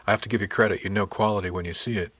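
A frank, friendly woman spacer in an audiobook, as a male narrator reads her lines, talking candidly and matter-of-factly. The voice sits fairly low, and the recording is dry and close. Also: fairly even intonation, very fast, a bit bright, dry recording. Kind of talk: audiobook character voice.

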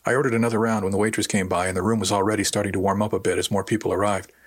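Low, husky male audiobook narrator. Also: flat delivery, racing. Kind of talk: scripted first-person narration. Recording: dry close recording.

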